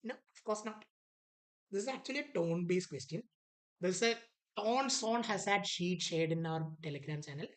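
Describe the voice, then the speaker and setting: A woman's voice: fairly low pitch, normal speed, low-quality recording. A woman, teaching an online exam prep lesson, repeating key words and acting out an author's attitude.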